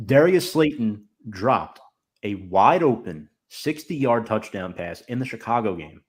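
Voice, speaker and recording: A man hosting a casual sports podcast, relaxed, reading out viewer comments and answering them. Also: fairly low pitch, unhurried. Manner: relaxed, reads out chat comments and replies. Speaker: podcast host.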